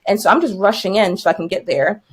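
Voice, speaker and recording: A woman in her twenties, a new teacher co-hosting a podcast, telling stories in a casual, animated way and laughing often. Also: fast talker, breathy edge. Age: 20s. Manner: animated, laughs often, jumps high for quoted lines.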